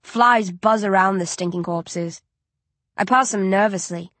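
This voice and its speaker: A woman narrating a first-person story for an audiobook in a measured, tense storytelling voice. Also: medium pitch, no room sound.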